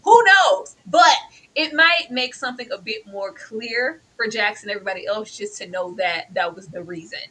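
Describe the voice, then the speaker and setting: High, lively, bright-voiced woman. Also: moderate pace, slight background noise. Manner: animated, laughs often, acts out quotes. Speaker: podcast co-host. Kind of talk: casual TV recap chat.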